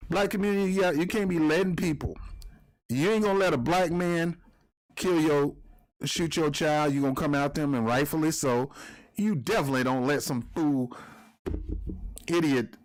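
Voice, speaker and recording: A man's voice: fairly high pitch, normal speed, long pauses. Fired-up man ranting. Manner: emotional, fired up. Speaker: video commentary host. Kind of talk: heated commentary rant.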